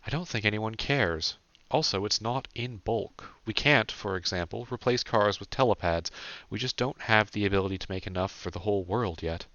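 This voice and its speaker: Casting: man reading as an earnest, wry young man, low-voiced and slightly worried. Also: moderate pace, a bit bright, no room sound, dull audio. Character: young man, thoughtful, mildly fretful boyfriend.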